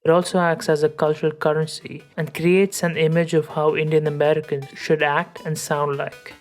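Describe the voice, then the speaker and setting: Low, even-voiced woman reading an essay. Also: soft background music. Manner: measured, academic reading. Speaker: podcast host.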